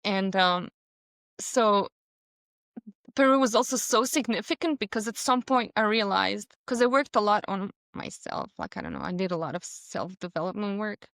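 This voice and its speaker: A woman's voice: mid-range voice, no echo, clean studio sound. A woman, a podcast guest telling a story animatedly in casual conversation. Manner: animated storytelling with laughs and voiced quotes.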